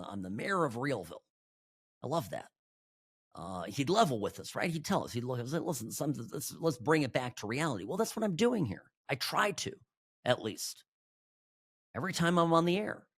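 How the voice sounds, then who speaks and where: Hosting a political talk show, a man from Southern California speaks in a fairly high, slightly rough voice. His monologue is animated and emphatic, with frequent restarts and asides.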